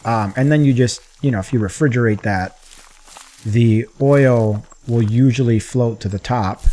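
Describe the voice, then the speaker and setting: A man casually talking through his gameplay as a gaming channel host, chatty and rambling, getting excited at times. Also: medium pitch, measured pace.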